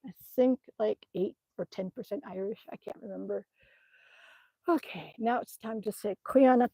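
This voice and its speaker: Slow-talking woman chatting on a livestream. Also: medium pitch, gravelly, dark tone, slightly rough, dry recording. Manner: chatty, laughs often, mutters to herself while tapping through her screen. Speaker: vlogger reading live chat comments. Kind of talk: casual livestream chat.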